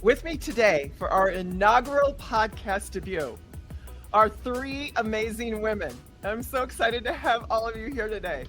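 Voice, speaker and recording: A woman's voice: fairly high pitch, animated, normal speed, a bit bright, soft background music. A woman hosting a podcast, chatting with guests in an upbeat, enthusiastic way. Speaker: podcast host. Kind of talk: casual podcast chat.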